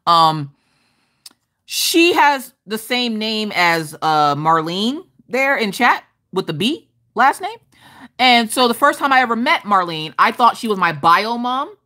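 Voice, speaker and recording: Lively, bright-voiced joking woman host. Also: fairly high pitch, measured pace. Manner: loud, bawdy and joking, laughs often. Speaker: livestream host. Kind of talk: casual livestream chat, reading out viewer comments.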